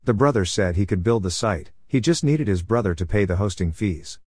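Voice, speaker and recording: A man calmly narrating a first-person story from his past, in a matter-of-fact way. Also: lowish voice, brisk, breathy edge, dry recording, studio quality.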